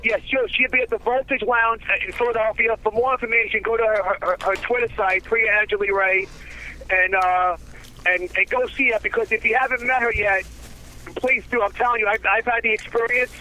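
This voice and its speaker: A man's voice: high-pitched, fairly even intonation, fairly quick, sharp tone, poor audio. A man from northern New Jersey calling in, rambling and tripping over his words. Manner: rambling, stumbling, repeats words. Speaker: caller. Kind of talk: phone-in greeting and plug.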